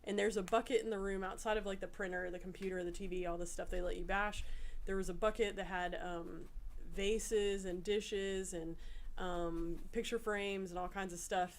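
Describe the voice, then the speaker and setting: A woman's voice: medium pitch, fairly even intonation, moderate pace. A woman co-hosting a casual chat, telling a story with frequent laughs and restarts. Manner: chatty storyteller, laughs often, many restarts. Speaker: co-host.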